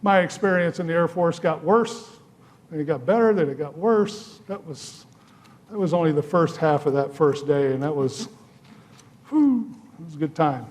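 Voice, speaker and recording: A man, a pastor preaching a sermon, telling a personal story with dry humor and measured pauses. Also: a little high, expressive. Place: church sanctuary.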